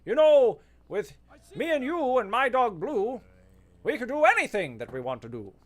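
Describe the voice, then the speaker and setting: A man's voice: extremely high pitch, very animated, fairly bright tone, voice pushed up, full character voice. A man doing a snooty, theatrical voice with an old-fashioned transatlantic accent. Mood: pompous. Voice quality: plummy, drawn-out, theatrical.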